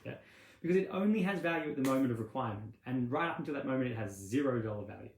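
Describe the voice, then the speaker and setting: A man's voice: medium pitch, animated, racing. A man teaching meditation in a loose, rambling, conversational way, acting out little scenes as he goes. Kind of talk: casual spoken teaching. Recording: roomy echo.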